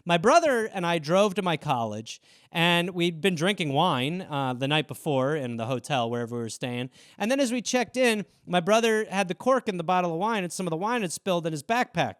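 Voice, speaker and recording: A man's voice: sits high, expressive, a little fast, fairly bright tone, clean tone, dry recording, clean studio sound. A man, hosting a casual solo show and riffing loosely on viewer suggestions in a rambling, self-mocking way. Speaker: host.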